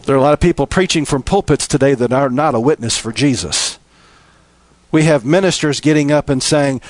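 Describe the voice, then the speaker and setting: A man preaching a sermon, building from steady teaching to impassioned, emphatic appeals. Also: medium pitch, a little fast, dry recording.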